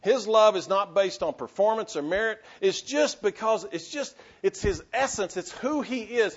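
A man's voice: high-pitched, animated, normal speed, few pauses, highs cut off. A man, a pastor delivering an impassioned sermon full of restarts and calls to the congregation. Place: church sanctuary.

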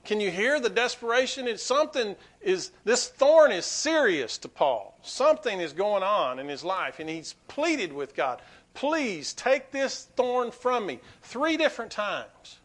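A man preaching a sermon to his congregation, swinging between quiet asides and loud, emphatic peaks. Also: high-pitched, big pitch swings, a little slow, few pauses. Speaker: pastor.

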